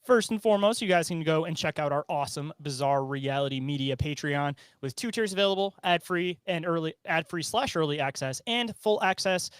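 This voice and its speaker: A man with a fairly high voice hosts a casual, joking chat and laughs often. The mic sits close and the sound is dry, with no room echo. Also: brisk, hardly any pauses, smooth. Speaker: podcast co-host.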